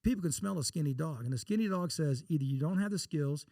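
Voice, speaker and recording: A Texan investor appears as an interview guest, sharing folksy, blunt stories at a quick pace in a fairly high, dark-toned voice. He's expressive and performs the dialogue within his tales. The recording is close and dry.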